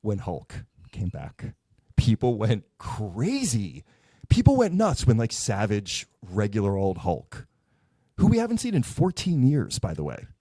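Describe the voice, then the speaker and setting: A low, mellow-voiced man co-hosts a podcast, his pitch swinging widely as he gushes. The sound is close and dry, with no room around it. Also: a little slow, no room sound. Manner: animated, effusive. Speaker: podcast co-host. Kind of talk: casual chat.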